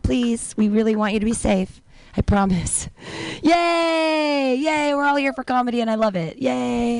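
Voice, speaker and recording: A woman's voice: on the high side, vocal fry. A woman hosting a comedy show, bubbly and cheering as she introduces acts. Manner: bubbly, cheering between bits.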